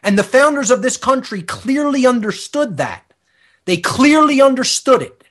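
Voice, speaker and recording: A man speaking as a guest on a talk radio show, ranting forcefully and emphatically. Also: extremely high pitch, expressive, normal speed.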